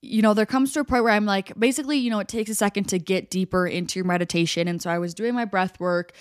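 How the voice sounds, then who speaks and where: A woman's voice: medium pitch, fast talker, dry recording. A young woman hosting a solo podcast, talking earnestly and reflectively with many "like" fillers, close to the mic. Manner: earnest, heavy use of "like" fillers. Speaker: podcast host.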